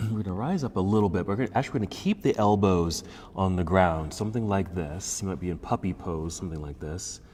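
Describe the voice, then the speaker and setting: A man teaching a yoga class with calm, encouraging step-by-step cues. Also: sits low, quick pace. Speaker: yoga instructor. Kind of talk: guided yoga class instruction. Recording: echoey room with faint background noise.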